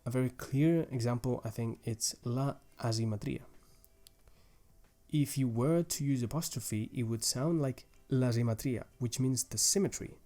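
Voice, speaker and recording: A man's voice: medium pitch, normal speed, mellow, faint music behind. Patient man teaching a language lesson. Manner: patient, methodical, explains rules step by step with restarts.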